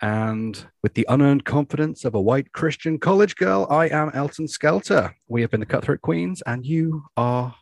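A man's voice: on the high side, expressive, moderate pace, vocal fry, hardly any pauses, no echo. A man co-hosting a podcast, chatting casually and reading a campy outro with dry humor. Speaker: podcast co-host.

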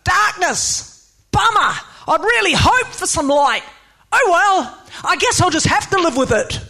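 A woman's voice: extremely high pitch, expressive, unhurried, sharp tone, voice pushed up, heavily acted. A woman playing a shrugging, resigned God. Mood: mock-resigned. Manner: flippant, mock-disappointed.

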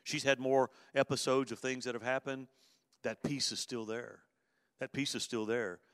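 Male pastor, smooth voice, dry close mic in a reverberant hall, conversational sermon that swings from hushed to emphatic. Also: mid-range voice, fairly even intonation, normal speed. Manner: conversational preaching, hushed at tender moments, rising to emphatic bursts.

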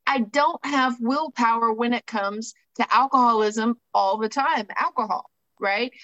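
A woman's voice: a little high, a bit bright, muffled recording. A woman candidly telling her own recovery story in a conversational way, often checking in with her listeners and reading aloud from a book. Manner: conversational, frequent "right?" tags and fillers. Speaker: speaker sharing a recovery story.

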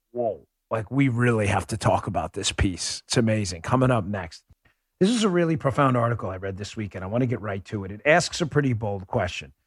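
A man from Queens, New York, hosting a talk radio show, animated and chatty, often breaking into laughter. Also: mid-range voice, no room sound, studio quality. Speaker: host.

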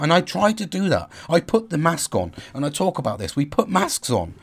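A man's voice: medium pitch, sing-song, creaky, husky. Emotional, swearing father. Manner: emotional, swearing, halting repetitions. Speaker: father talking to his audience. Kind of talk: raw personal video diary.

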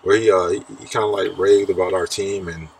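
A man's voice: low voice, flat delivery, a little fast, darkish tone, husky, far from the mic. A man in his thirties, a basketball player, talking laid-back in a podcast interview and saying "man" a lot. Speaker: guest, pro basketball player.

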